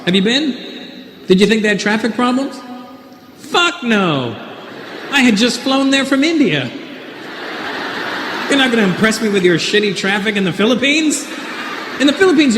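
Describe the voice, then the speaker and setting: A man doing stand-up comedy from Canada, animated and teasing the audience as he tells stories on a large theater stage. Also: high voice, a little hiss or hum. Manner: animated, teasing audience members, puts on voices. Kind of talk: stand-up comedy with crowd work.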